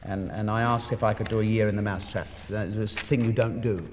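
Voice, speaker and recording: A man's voice: lowish voice, fairly even intonation, fast talker. A middle-aged man, an actor, telling chatty anecdotes to an audience on stage with asides and chuckles, speaking into a stage microphone. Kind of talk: anecdotal stage talk and poem reading. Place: hall with a live audience. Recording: echoey hall, faint noise.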